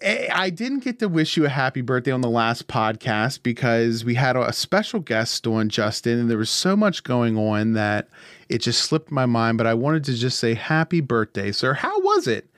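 A man's voice: mid-range voice, big pitch swings, moderate pace, fairly bright tone, no room sound. Casual podcast host, male, upbeat and chatty, dry close sound. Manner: upbeat, chatty, laughs easily.

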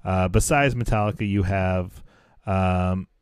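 A man's voice: sits low, steady tone, measured pace, clean tone, dry recording, studio quality. A man hosting a podcast in casual chat, laid-back and laughing often. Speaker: podcast host.

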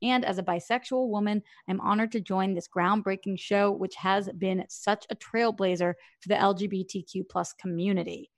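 A woman's voice: medium pitch, fairly even intonation, normal speed, hardly any pauses, dry recording, clean studio sound. A woman hosting a podcast, chatting upbeat about entertainment news and talking to the live chat. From Boston. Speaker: podcast host.

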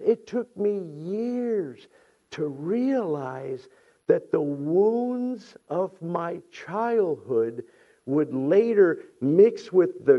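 A middle-aged man preaching a sermon who tells stories, acts out voices, repeats himself and builds to shouting. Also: fairly high pitch, dull audio. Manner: many restarts and repeated phrases. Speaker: pastor.

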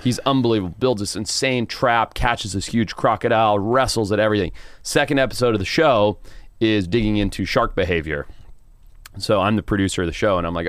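A man guest on a podcast telling a wild story in a casual, animated way, swearing and laughing now and then. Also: lowish voice, fairly quick, no room sound, clean studio sound. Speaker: podcast guest, wildlife TV presenter.

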